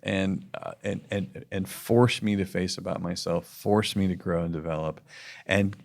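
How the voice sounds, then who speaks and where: A man's voice: deep voice, fairly even intonation, normal speed, gravelly. A man co-hosting a casual faith-based podcast, talking earnestly with many restarts and emphatic urging. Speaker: podcast co-host.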